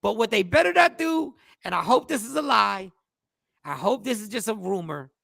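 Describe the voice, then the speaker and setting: A man co-hosting a casual chat, telling stories with animation and bursts of shouting. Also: high voice, sing-song, normal speed, vocal fry, no room sound, clean studio sound. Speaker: podcast co-host.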